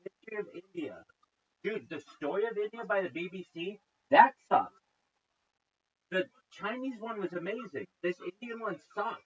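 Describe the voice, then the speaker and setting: A man hosts a reaction video, ranting with nonstop swearing and exasperation. His voice is high and husky. The recording sounds dull and lo-fi. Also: lively intonation, normal speed. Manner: profane, exasperated, loud rants. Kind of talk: casual ranting commentary.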